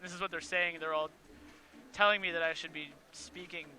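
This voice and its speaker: A man's voice: on the high side, fairly even intonation, a little fast, pushed and bright. A man from Canada, a route setter, giving chatty, easygoing expert analysis as co-commentator on a live climbing broadcast.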